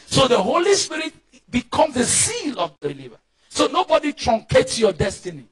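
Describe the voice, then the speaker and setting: A Nigerian pastor preaching a fervent sermon, often shouting and calling on the congregation to answer back. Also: male voice, very high voice, wildly swooping pitch, moderate pace.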